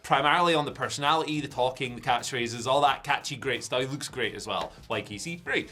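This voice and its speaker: A man with a Scottish accent hosting a casual wrestling news chat, quick and jokey, laughing often. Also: mid-range voice, sharp tone, faint music behind. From Scotland.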